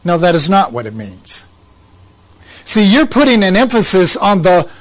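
A man giving conversational Bible teaching, asking rhetorical questions and making asides to his listeners. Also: sits high.

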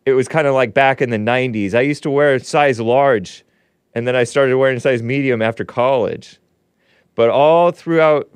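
A man's voice: medium pitch, clear, resonant tone, dry recording. A middle-aged man hosting his own livestream show, chatting casually in a rambling way with joking asides. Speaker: show host. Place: home studio in Los Angeles.

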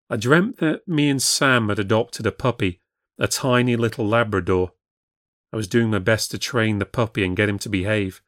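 A man giving scripted narration of a ghost story, reading in a measured, steady way. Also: fairly low pitch, dry recording, studio quality.

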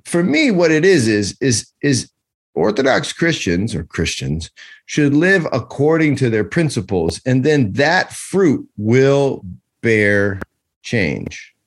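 A man co-hosting a podcast, arguing in a joking, animated way and slipping into impressions. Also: mid-range voice, slow. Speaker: podcast co-host. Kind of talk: casual debate chat.

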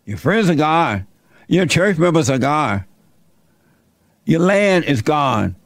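Taunting smug devil, raised gravelly voice, slow drawl, dry close sound, as a man acts him out. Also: a little high, big pitch swings, dry recording, heavily acted. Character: taunting, scheming male devil.

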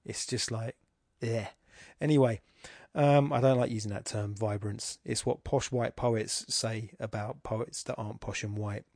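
A man's voice: lowish voice, steady tone, moderate pace, vocal fry, darkish tone, dry recording, clean studio sound. A man hosting a podcast, analysing a poem in a rambling, self-deprecating casual way, with many restarts. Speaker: podcast host.

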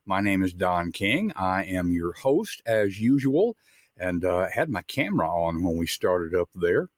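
A man's voice: low voice, very animated, measured pace, dry recording. A man with a Southern US accent hosting a live talk show, chatty and folksy, with frequent filler words. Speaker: host.

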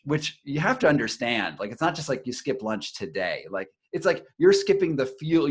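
A middle-aged man talks in a relaxed conversational interview, recounting events at length. His delivery rambles, full of fillers and false starts, and turns animated as he tells the story. His voice sits at a typical male pitch. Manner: rambling, many fillers and restarts, animated retelling. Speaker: investigative journalist and author, interview guest.

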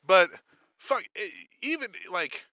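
Animated, profane male podcast co-host. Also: high-pitched, takes it slowly, no echo, clean studio sound. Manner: animated, profane, punctuates with "right?". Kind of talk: casual podcast chat.

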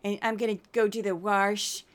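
A woman voicing her mother, a chatty mom with a St. Louis accent and drawn-out, sing-song vowels. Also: medium pitch, flat delivery, natural voice. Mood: gushing. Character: chatty Midwestern mom, everyday and cheerful.

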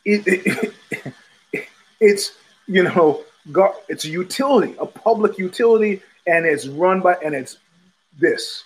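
Husky high-voiced man rambling with chuckles. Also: animated, rough recording. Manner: halting, repeats words, chuckles often. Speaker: podcast host. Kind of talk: rambling casual monologue.

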